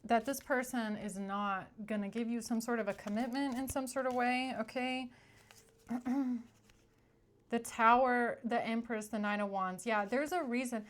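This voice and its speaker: A woman's voice: fairly high pitch, fairly even intonation, a little slow. A young adult woman giving a casual tarot reading, chatty and blunt, often checking in with "okay?". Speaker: tarot reader.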